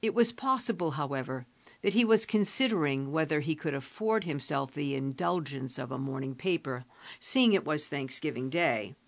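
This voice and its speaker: Low-voiced woman reading a story. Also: animated, moderate pace, no echo. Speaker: narrator.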